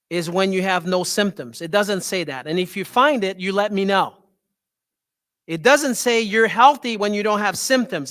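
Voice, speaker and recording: A man with a French Canadian accent, a holistic health doctor giving a live talk to an audience, animated and often asking "right?". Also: high voice.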